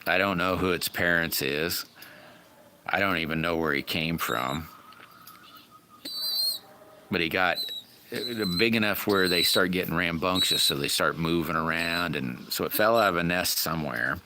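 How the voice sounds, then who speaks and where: Speaking low and at a measured pace with long pauses, a man hosts a livestream. His talk is rambling and folksy, and he addresses chatters by name. There's loud noise in the background.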